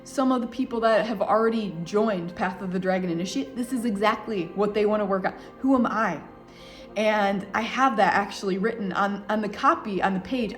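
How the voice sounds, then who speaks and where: A woman speaking as a spiritual coach in a casual, heartfelt monologue, effusive and full of loose filler words. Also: medium pitch.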